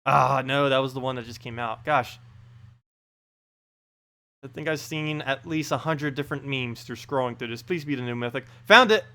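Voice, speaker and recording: A man's voice: medium pitch, steady tone, normal speed, long pauses, fairly bright tone. A man live-streaming a game in casual chat, reading out viewers' messages and laughing often as he talks. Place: home in South Carolina.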